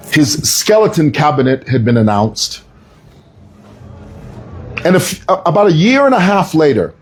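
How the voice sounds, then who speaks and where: Man, political commentary, husky voice, lively swooping pitch, emphatic, chatty asides. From Zambia. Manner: animated, emphatic, storytelling with asides.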